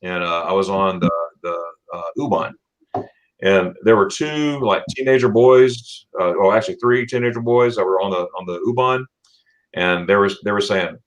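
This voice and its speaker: A man's voice: on the low side, animated, brisk, a bit bright, poor audio. A man hosting a casual live-stream chat, stammering over his words, repeating himself and laughing often. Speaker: channel host.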